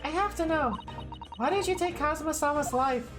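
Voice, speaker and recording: A man voicing an earnest young female assistant, speaking high and pleading, over game music. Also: normal speed. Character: earnest young Japanese woman assistant, distressed.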